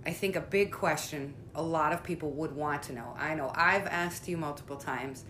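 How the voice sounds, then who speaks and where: A woman's voice: sits low, normal speed, a bit bright, slight background noise. A woman interviewing her sister in a casual conversation, asking probing questions in a blunt, outspoken way.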